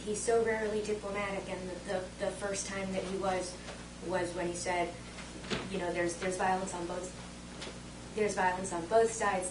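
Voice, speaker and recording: Halting female participant, monotone, distant and noisy. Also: on the low side. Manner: halting, with many restarts. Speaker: focus group participant. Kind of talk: hesitant opinion in group discussion. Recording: roomy distant recording with clear background noise.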